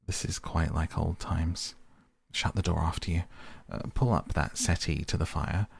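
A man reading a storybook, voicing an eager, flustered male mole in a low, husky voice. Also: normal speed, exaggerated voice.

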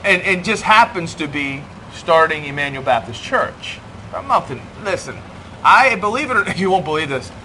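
Bright-voiced joking male preacher. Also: a little high, expressive, moderate pace, a little hiss or hum. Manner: joking, chatty, self-deprecating. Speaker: pastor. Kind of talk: sermon. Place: church hall.

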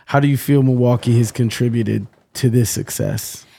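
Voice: medium pitch, moderate pace, vocal fry, dark tone, breathy edge. An interviewer asking questions in a casual chat and backing the guest with short affirmations. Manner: supportive, many short affirmations.

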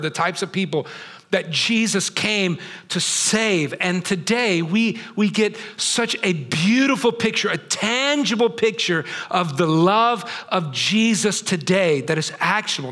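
A man's voice: fairly high pitch, a bit bright. A middle-aged man preaching to his congregation, chatty and drawing them in with questions. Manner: conversational, drawing the crowd in with questions. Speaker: pastor. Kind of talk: sermon. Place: theater used as a church.

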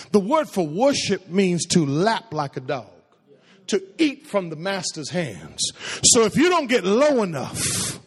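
A man preaching with a lot of life in his voice, his pitch climbing and dropping as he talks to the congregation. He sits fairly high for a man, and he teases his listeners and jumps up even higher when he acts out what people say. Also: husky. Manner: animated, conversational preaching with playful asides. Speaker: pastor. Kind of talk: sermon.

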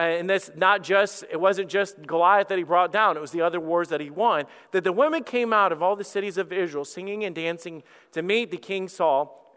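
A man preaching a sermon as lead pastor, telling the story in an animated way and acting out characters, heard with long hall reverb. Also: high voice, clean tone.

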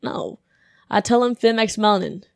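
A young adult woman hosting her podcast, telling a story casually and lively, acting out the people she quotes and laughing often. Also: mid-range voice, normal speed, gravelly, smooth, no room sound, studio quality. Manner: animated, acts out quoted voices, laughs often. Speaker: podcast host.

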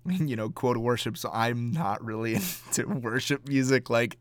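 A man who is a pastor and podcast host, talking earnestly in a reflective monologue, often halting and repeating words. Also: medium pitch, no room sound.

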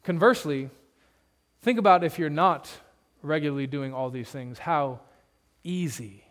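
A man preaching a sermon in a church, earnest and emphatic, often dropping to a low hush for emphasis. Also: a little slow. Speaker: pastor.

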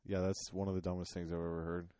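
A young man with a lowish, mellow voice tells rambling, self-mocking stories full of fillers. It is casual comedic podcast chat, recorded close and dry. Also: level tone, fast talker, dry recording. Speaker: podcast co-host.

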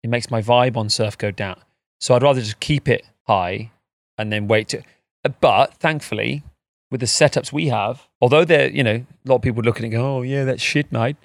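A man co-hosting a podcast in casual chat, talking in an animated, rambling way and swearing now and then. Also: mid-range voice, brisk, dry recording. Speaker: podcast co-host.

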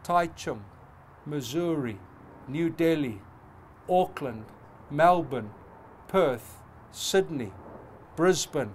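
Passionate preacher man, fairly high voice. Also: lively intonation, drawn-out words, slight background noise. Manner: passionate, emphatic with rising repetitions. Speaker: pastor. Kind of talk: sermon.

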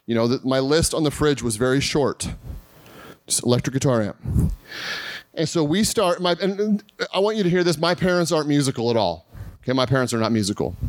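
A man preaching a holiday sermon with a fairly high voice. He tells his story with lively energy and acts out other people's lines. The sound is dry and close. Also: dry recording. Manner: lively storytelling with acted-out quotes. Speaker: pastor. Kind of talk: Christmas Eve sermon. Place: church service.

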